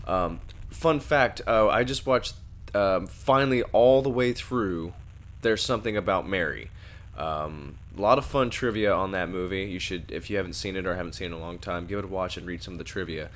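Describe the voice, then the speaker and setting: A man's voice: low voice, moderate pace. A man co-hosting a film review podcast, retelling scenes casually in a rambling way, acting out quotes as he goes. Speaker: podcast co-host.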